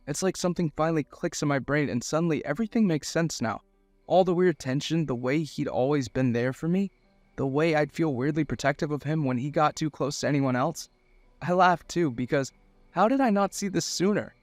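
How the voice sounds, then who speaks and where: A man's voice: fairly high pitch, fairly quick, no echo, faint music behind. A young man reading a first-person romance story aloud in an earnest, emotional way. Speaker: narrator.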